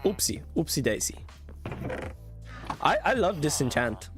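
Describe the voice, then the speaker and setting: Excitable man streaming gameplay. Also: a little high, measured pace, music in the background. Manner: excitable, laughs often, reads out chat. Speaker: streamer reviewing viewer mods. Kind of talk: live-streamed gameplay commentary.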